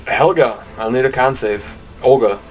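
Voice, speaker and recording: A man running a tabletop game as game master, relaxed and laughing easily as he describes the action. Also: medium pitch, normal speed, low-quality recording.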